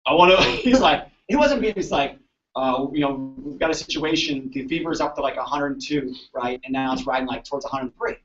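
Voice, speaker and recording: A man, a chiropractor, telling patient stories to colleagues in an animated, chatty way, often asking "right?". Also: medium pitch, a little fast. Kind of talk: storytelling talk to an audience. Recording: echoey room, distant dull mic.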